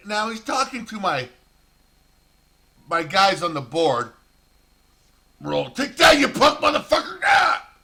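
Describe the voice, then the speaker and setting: Guy rambling through a prison story, cussing a lot, bright voice that jumps all over. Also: on the high side. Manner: profane, rambling, animated. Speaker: vlogger telling a prison story. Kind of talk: casual storytelling monologue.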